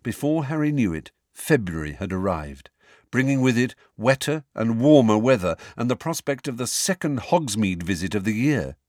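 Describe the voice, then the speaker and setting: A man narrating an audiobook with an expressive, varied storytelling delivery. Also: mid-range voice, moderate pace, no room sound, studio quality. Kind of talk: scripted narration.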